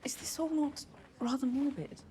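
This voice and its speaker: A woman's voice: sits high, steady tone, normal speed, mellow, close to an everyday voice. An actress playing a sardonic young woman with dry, sarcastic remarks in a period drama. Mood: wry.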